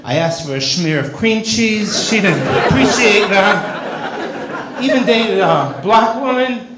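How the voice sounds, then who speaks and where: A man doing a stand-up comedy set in a club with wisecracking, deadpan delivery. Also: high-pitched, slow pace, echoey room, over a noisy crowd, heavy background noise.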